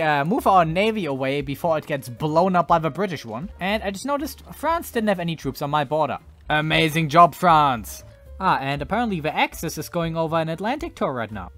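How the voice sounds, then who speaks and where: A man in his twenties from Germany, giving sarcastic, excitable commentary over a strategy game he is playing. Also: high-pitched. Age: 20s. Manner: sarcastic, excitable, dramatic outbursts. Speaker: gaming YouTuber.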